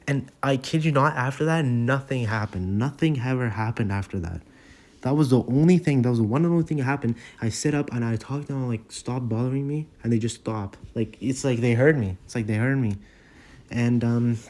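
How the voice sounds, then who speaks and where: Male gamer storyteller, rambling casual delivery full of fillers, mellow voice, mid pitch. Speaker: gaming channel storyteller. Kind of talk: casual storytime over gameplay.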